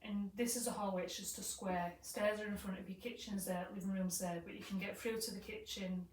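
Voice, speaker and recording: A woman co-hosting a podcast, telling stories in an animated, sweary way. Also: medium pitch, a little fast. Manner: animated storytelling, swearing, laughing through. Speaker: podcast co-host. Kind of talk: casual chat, storytelling. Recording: roomy, distant mic, faint background hum.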